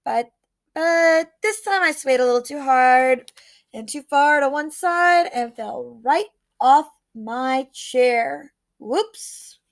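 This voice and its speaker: Expressive woman reading a children's book. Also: sits high, slow. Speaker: storybook reader.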